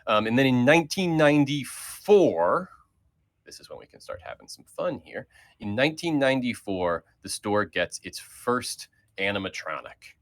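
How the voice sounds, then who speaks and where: A man's voice: mid-range voice, very animated, normal speed. A man leading a casual group chat as host, talking in a rambling way with many fillers and restarts.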